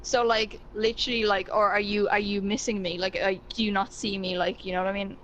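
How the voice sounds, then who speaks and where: A woman's voice: medium pitch, little pitch movement, fairly quick, fairly bright tone, muffled recording, a little hiss or hum. A woman from Ireland with an Irish accent, chatting casually as a guest and filling her talk with "like". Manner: chatty, many "like" fillers. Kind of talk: casual chat.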